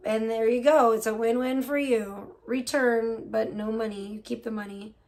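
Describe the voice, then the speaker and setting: A woman's voice: on the high side, fairly even intonation, moderate pace, darkish tone. A woman hosting a casual livestream, gossiping and reacting to chat, swearing freely. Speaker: livestream host.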